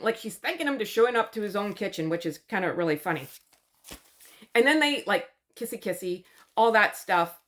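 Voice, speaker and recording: A woman's voice: mid-range voice, lively intonation, normal speed. Woman, from Canada, sarcastic, gossipy, chatty, mid-range voice, TV recap vlog. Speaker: commentary vlogger.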